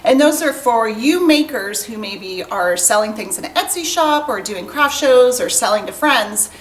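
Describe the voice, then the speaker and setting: A woman's voice: a little high, animated, moderate pace, a little hiss or hum, low-quality recording. Chatty upbeat woman hosting a craft show. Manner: chatty and upbeat, laughs often. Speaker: shop owner hosting a craft livestream. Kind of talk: casual craft demonstration chat.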